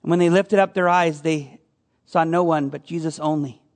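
A man's voice: on the high side, fairly even intonation, moderate pace. A male pastor giving a conversational sermon, asking his congregation questions as he goes. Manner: conversational preaching with audience questions.

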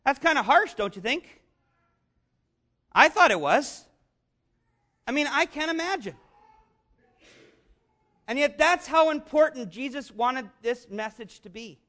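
A man preaching a sermon, earnest and conversational, rising to shouts on key lines. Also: very high-pitched, expressive, measured pace, long pauses. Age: adult, father of young children. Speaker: pastor.

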